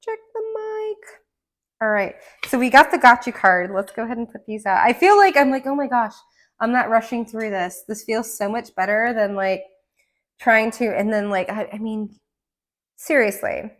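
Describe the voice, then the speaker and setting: Excitable, rambling woman reading tarot. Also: on the high side, normal speed. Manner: excitable, rambling, frequent gasps and laughs. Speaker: tarot card reader. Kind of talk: casual channeled tarot reading. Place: indoor room. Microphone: camera mic.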